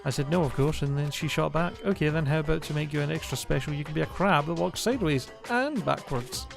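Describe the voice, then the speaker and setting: A man's voice: on the high side, fast, vocal fry. A man voicing a smug, scheming male bear mascot in a rambling, mocking complaint, with game music behind.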